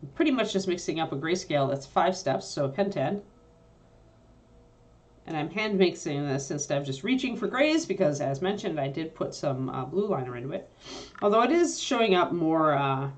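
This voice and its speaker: A woman's voice: deep voice, very animated, moderate pace. A woman casually teaching miniature painting, thinking aloud with fillers as she mixes paints at her workspace. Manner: chatty, thinks aloud with fillers while working.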